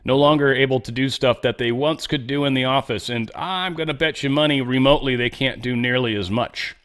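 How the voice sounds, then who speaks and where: A man's voice: mid-range voice, fairly quick, a bit bright. A man hosting casual political commentary, blunt and rambling, with swearing and off-the-cuff asides. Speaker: host.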